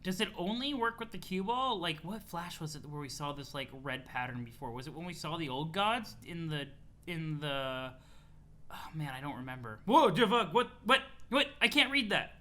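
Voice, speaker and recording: Hyped young streamer guy reading a webcomic out loud, kinda high bright voice, cussing and cracking up. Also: moderate pace, a little hiss or hum. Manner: excitable, swears, laughs, mixes dramatic read-alouds with hype reactions. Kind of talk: live let's-read reaction stream.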